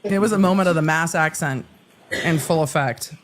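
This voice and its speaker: A woman's voice: sits low, moderate pace, over a noisy crowd. A woman hosts a casual live legal commentary. She talks in a chatty, joking way and often makes asides to herself.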